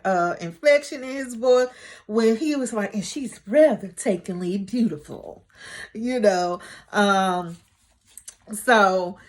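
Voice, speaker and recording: Woman chatting thru a tv recap, slow and easy, lots of ums. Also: medium pitch. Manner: chatty, drawn-out fillers, playful asides. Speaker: show recap host. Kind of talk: casual recap commentary.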